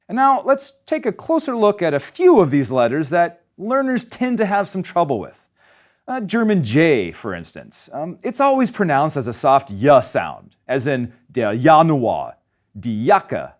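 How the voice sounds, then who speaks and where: A man teaching German pronunciation in a scripted lesson, talking in a lively way and slowing down to model each sound. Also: fairly high pitch.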